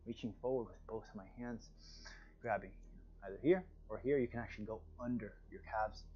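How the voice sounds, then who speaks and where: Calm man guiding a yoga stretch. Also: fairly low pitch, husky, highs cut off. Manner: calm, soothing, drawn-out cues with sighs of relief. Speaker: yoga teacher. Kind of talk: guided yoga instruction. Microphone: livestream.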